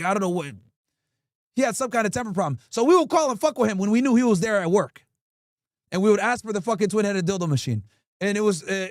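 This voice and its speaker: A man's voice: high-pitched, no room sound, clean studio sound. A young adult man hosting a livestream, telling a profane, rambling story and tagging "right?" onto his lines. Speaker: livestream host. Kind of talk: casual storytelling monologue.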